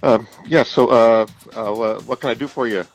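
A man's voice: medium pitch, fairly even intonation, normal speed, soft background music. A man on a phone call, polite and hesitant, fumbling his words. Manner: hesitant, polite, then confused. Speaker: prank call target. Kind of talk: phone conversation.

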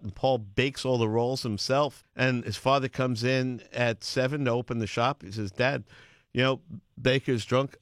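Animated male podcast host, dry sound. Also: mid-range voice, no echo. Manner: enthusiastic storyteller, fast and animated. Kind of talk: casual interview chat.

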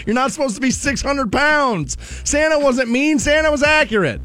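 A man hosting a comedic radio talk show, ranting loudly, mocking people and laughing as he goes. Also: very high-pitched, animated, normal speed, a little hiss or hum. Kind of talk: casual comedic radio banter.

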